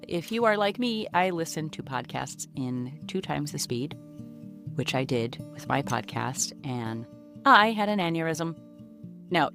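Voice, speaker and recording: A woman hosting her own podcast alone, chatting casually in a goofy, self-mocking way, recorded in a small closet. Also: low voice. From United States. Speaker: podcast host and comedian. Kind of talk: casual solo podcast chat.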